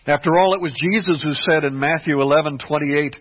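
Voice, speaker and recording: A pastor delivering a sermon, swinging between hushed, quiet passages and emphatic, rising ones. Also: male voice, fairly high pitch, brisk, few pauses. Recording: dull lo-fi recording.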